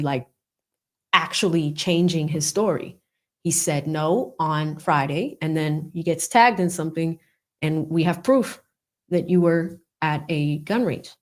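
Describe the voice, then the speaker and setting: A woman hosting casual live commentary on a court trial, chatty and animated, with laughing asides. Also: sits low. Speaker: legal commentary host.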